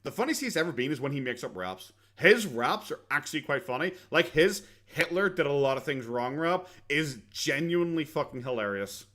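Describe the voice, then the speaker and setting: A man's voice: a little high, expressive, normal speed, few pauses, a bit bright. An Irish man hosting a live watchalong from home late at night, chatting casually in a sarcastic tone, swearing freely and often stammering and restarting. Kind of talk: casual live-stream commentary.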